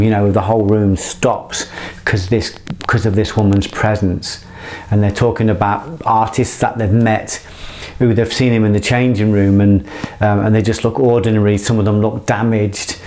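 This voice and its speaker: A man's voice: lowish voice, darkish tone, a little hiss or hum. A middle-aged man giving an impassioned motivational monologue, earnest, swearing freely and rambling with restarts. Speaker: motivational speaker.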